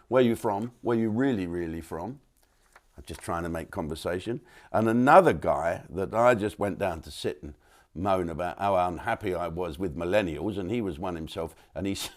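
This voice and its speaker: A man hosting his own channel, talking through a rambling comic monologue with digressions and mock outrage. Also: on the low side. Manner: chatty, digressive, with frequent restarts and mock outrage.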